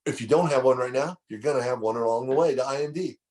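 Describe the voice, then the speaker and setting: A man's voice: mid-range voice, fast talker, a little mellow. A middle-aged man giving a motivational speech, preaching and telling a story, repeating phrases for emphasis. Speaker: motivational speaker.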